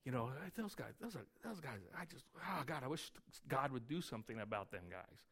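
A man's voice: mid-range voice, expressive, fairly quick, a bit bright, husky, pitched below the performer's own voice. A preacher playing a bitter young man who grumbles under his breath about soldiers. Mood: grumbling. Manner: muttering, half-whispered.

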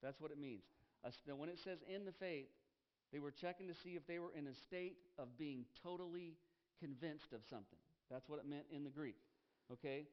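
Pastor, male, slightly high voice, emphatic preaching, repeats key lines, lo-fi headset sound. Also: a little fast. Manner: emphatic, repeats key phrases, asks the congregation questions. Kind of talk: sermon.

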